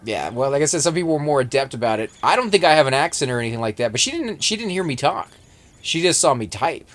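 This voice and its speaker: Relaxed Texan man streaming a game. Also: mid-range voice, fast. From Texas. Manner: relaxed, rambling with restarts. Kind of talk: casual gaming chat.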